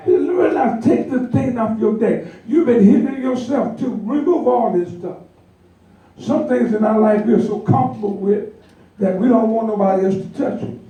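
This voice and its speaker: High-voiced preacher in an echoey hall. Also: male voice, normal speed. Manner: animated, laughing, acts out voices. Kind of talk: sermon. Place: church. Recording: echoey church hall, distant mic. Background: congregation responding.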